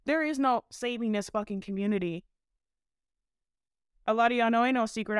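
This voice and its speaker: Woman podcast host, impassioned and profane; clear voice, dry and close-miked. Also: fairly high pitch, moderate pace, no room sound. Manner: blunt, fiery, profane.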